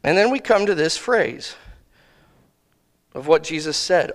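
A man preaching a sermon in a conversational way, thinking aloud with restarts and slowing to give quoted scripture weight. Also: fairly high pitch, animated, in a large hall. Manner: slow, emphatic phrasing of quoted scripture.

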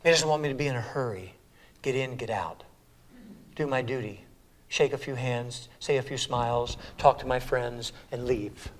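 A man preaching as a pastor, swinging from hushed, gentle lines to loud, emphatic ones. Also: mid-range voice, normal speed. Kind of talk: sermon.

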